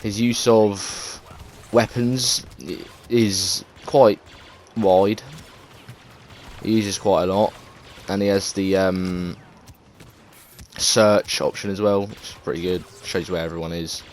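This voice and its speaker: Deep-voiced English man, rambling gamer talk. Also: steady tone, slow pace, darkish tone, slight background noise. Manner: rambling, hesitant, lots of fillers and swearing. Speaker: gaming video creator. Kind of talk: casual gameplay commentary.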